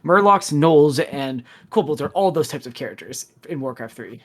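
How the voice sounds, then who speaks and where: A man co-hosting a casual gaming podcast, animated, with frequent stammering restarts. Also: on the high side, normal speed. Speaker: podcast co-host.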